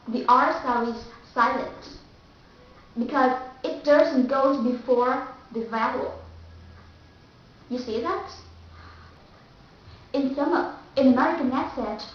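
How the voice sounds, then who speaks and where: High-voiced Vietnamese woman teaching slowly. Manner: careful, repeats example words slowly. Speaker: English pronunciation teacher. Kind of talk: pronunciation lesson. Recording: echoey, distant, dull mic.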